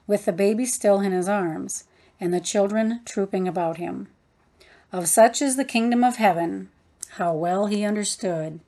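A woman narrating a book in a measured, reverent reading voice. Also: mid-range voice, dark tone. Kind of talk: audiobook narration.

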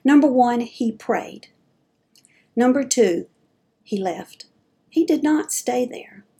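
A middle-aged woman talks through a personal, faith-based reflection in an earnest, homespun way. Her voice sits a little high and carries a gravelly fry. She tells her story as a dementia advocate would, with plain folksy turns of phrase. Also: lively intonation, slow, warm tone.

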